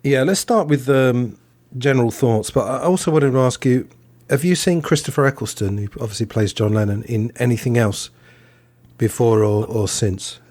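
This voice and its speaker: A man's voice: medium pitch, moderate pace, darkish tone, no echo. A man hosting a podcast in a casual review chat, talking loosely and hedging often. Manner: chatty and loose, hedges often. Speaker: podcast host.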